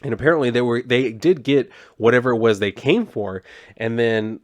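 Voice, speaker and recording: A young man giving a casual comic book review, rambling and relaxed with plenty of fillers. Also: mid-range voice, normal speed.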